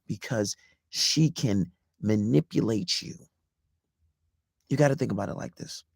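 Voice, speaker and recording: A man's voice: fairly low pitch, unhurried, creaky, slightly rough, no room sound, clean studio sound. A man as a dating coach, giving casual advice in an emphatic, profane way, repeating his points and asking "right?".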